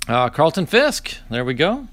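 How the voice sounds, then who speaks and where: Man in his forties hosting a live card-opening stream; chatty, dryly sarcastic, animated. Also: on the high side, measured pace. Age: 40s. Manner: chatty and animated, greets chat viewers; dry sarcastic storyteller. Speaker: host opening card packs.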